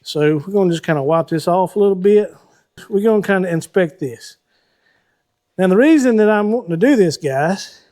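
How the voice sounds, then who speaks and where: A man, hosting a car-building vlog from his shop, chatty and folksy as he thinks out loud while he works. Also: high voice. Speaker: host of a car-building channel. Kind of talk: casual shop vlog talk to viewers.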